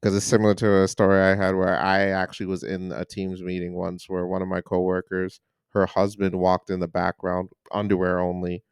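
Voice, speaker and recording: A man's voice: sits low, fairly quick, clean tone, dry recording, clean studio sound. A young man co-hosting a podcast, chatting casually and telling stories with animation. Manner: animated, laughing storyteller. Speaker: podcast co-host. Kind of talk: casual chat.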